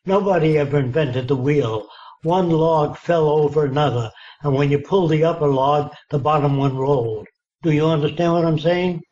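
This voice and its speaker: A man's voice: a little high, normal speed, darkish tone. Blunt old man on a dull line. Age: 90s. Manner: blunt, emphatic, repeatedly checks understanding. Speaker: interviewee, futurist. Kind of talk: conversational interview. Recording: dull lo-fi sound.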